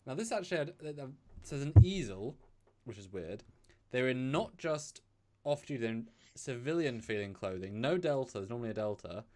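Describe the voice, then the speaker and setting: A man's voice: medium pitch, animated, brisk, mellow. A British man co-hosting a casual chat show, rambling with many fillers and restarts. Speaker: podcast co-host.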